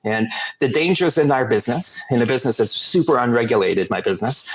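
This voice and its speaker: Man, podcast guest, blunt, swears a lot, calm steady delivery, mid-pitched voice. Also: fast, poor audio. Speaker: guest, sober coach and interventionist. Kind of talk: casual podcast storytelling.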